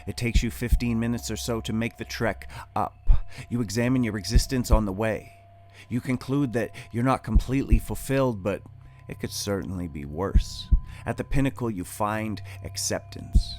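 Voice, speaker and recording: A man reading his own horror poetry in second person, steady at first and building to urgent intensity. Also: on the low side, moderate pace, slight background noise.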